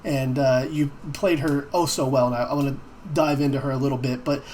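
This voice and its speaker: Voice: medium pitch, fairly even intonation, brisk, a little mellow, a little hiss or hum. A podcast host asking interview questions in a casual, loose way, with lots of fillers.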